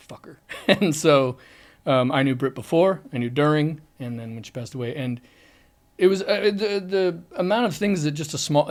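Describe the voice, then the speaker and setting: A man, an actor, speaking candidly in an interview with frequent restarts, sometimes dropping very soft. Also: on the high side. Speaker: actor guest. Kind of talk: reflective interview.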